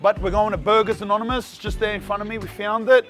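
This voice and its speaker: An Australian man in his twenties hosting a food vlog, full of loud joking banter and slang. His voice sits high for a man, and music plays behind him. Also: fairly even intonation, quick pace. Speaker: food vlogger host. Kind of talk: casual vlog chat.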